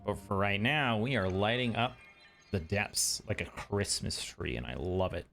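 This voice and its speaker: A man's voice: lowish voice, very animated, normal speed, creaky, a bit bright, soft background music. A man streaming a video game, chatting casually and thinking aloud as he plays. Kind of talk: casual gameplay commentary.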